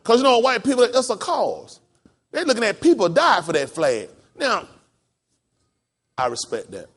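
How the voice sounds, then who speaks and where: A pastor in full sermon mode, a man whose voice sits high and swings widely up and down. He preaches emphatically and keeps firing questions at his congregation. The sermon comes from a house of worship. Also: sing-song, moderate pace, a bit bright.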